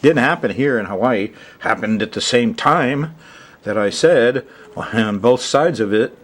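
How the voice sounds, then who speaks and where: A man's voice: mid-range voice, animated, measured pace, a bit bright. Chuckling, rambling male astrology host. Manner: chuckling, chatty, rambling asides. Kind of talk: casual monologue to camera. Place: Hawaii.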